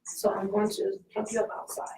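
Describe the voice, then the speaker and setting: A woman producer giving the host brisk instructions before and after going live. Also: mid-range voice, completely flat delivery, creaky, dark tone. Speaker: studio producer. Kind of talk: behind-the-scenes instructions. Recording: echoey room, far from mic, music.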